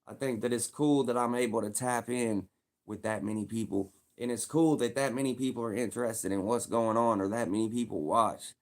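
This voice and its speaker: A young man from Louisville with a thick Kentucky accent chats loosely on a livestream. He rambles and repeats himself, dropping street slang as he goes, at an ordinary mid pitch. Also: steady tone, fairly quick, a little mellow. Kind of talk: casual livestream chat.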